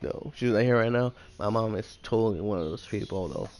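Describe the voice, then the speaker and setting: A man streaming a video game, chatting casually in a rambling, halting way with many fillers. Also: fairly low pitch, darkish tone, a little hiss or hum. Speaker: let's play streamer. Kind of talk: casual chat over gameplay.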